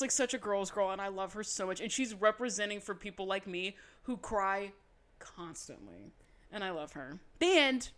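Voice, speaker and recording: A woman co-hosting a podcast, recapping in casual chat with animated, swear-filled asides. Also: mid-range voice. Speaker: podcast co-host.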